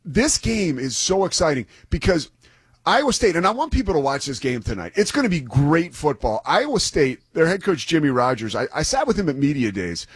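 A man's voice: fairly high pitch, big pitch swings, a little fast, breathy edge, no echo. A man who is a play-by-play broadcaster, co-hosting a sports talk show in an enthusiastic, rambling, self-deprecating way. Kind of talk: sports talk radio banter.

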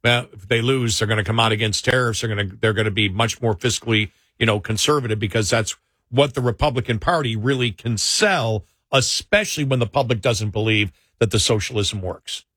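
Bright-voiced man hosting political talk. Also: fairly low pitch, brisk, slightly rough, no echo, clean studio sound. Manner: sarcastic, conversational, self-correcting. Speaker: talk show host.

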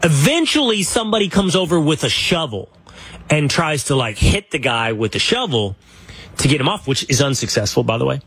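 A man hosts a political interview show, retelling events in an animated, opinionated way. His voice sounds husky and sits a little high. His pitch rises and falls widely as he talks. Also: brisk. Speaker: show host.

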